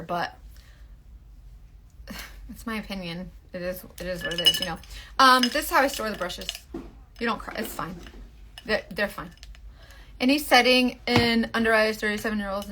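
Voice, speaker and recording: Woman in her forties, rambling livestream chat, bright tone, fairly high voice. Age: 40s. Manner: chatty, rambling, with fillers and sudden excited squeals. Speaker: makeup seller on a livestream. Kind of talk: casual live chat answering viewer questions.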